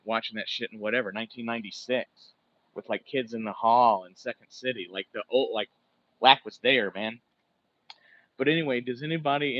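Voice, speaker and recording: Dude from alaska whittling on a livestream, swears a ton, rambles, dull lo-fi phone sound. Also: male voice, medium pitch, no echo. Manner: profane, rambling storytelling. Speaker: livestream host. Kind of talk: casual livestream chat while whittling. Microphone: phone set far from him.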